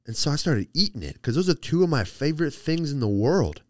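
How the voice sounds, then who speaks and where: A man's voice: a little high, big pitch swings, brisk, dry recording, clean studio sound. A young man hosting a solo podcast, chatting casually and rambling playfully with lots of restarts. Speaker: podcast host.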